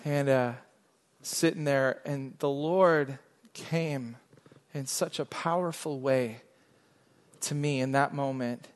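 A middle-aged man pastor preaching a sermon, telling a quiet personal story that builds into loud, fervent exhortation. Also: medium pitch. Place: church sanctuary. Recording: long hall reverb.

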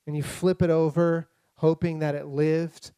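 A young man preaching a sermon, retelling scripture with lively humor, playful voices and sound effects. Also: on the high side, a little slow, smooth, no room sound. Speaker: pastor.

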